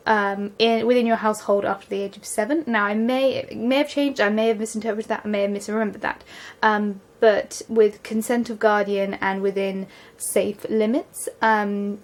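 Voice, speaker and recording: Chatty young English woman vlogging. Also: medium pitch. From England. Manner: rambling, chatty, many ums, quick bursts. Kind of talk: casual vlog monologue. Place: home, just out of the shower.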